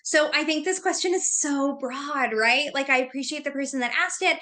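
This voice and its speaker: A woman hosting a mental health discussion, lively and conversational, often saying "like". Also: sits high, moderate pace. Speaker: host from a mental health company. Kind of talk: moderated discussion.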